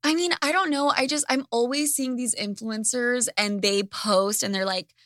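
Brief: woman podcast host, sarcastic rant, bright voice, dry close sound, high-ish pitch. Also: normal speed, dry recording. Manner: animated, sarcastic, swears freely. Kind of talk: casual chat.

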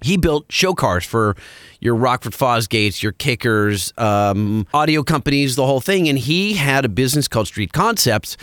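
A man co-hosting a podcast about trucks, animated and quick to react, in casual chat. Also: medium pitch, no room sound, studio quality. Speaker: podcast co-host.

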